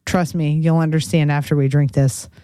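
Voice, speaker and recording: A woman's voice: deep voice, fairly even intonation, normal speed, warm tone, clear, resonant tone, no echo, studio quality. A woman hosting a casual podcast, joking and rambling as she talks, laughing often. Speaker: podcast host. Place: Chicago.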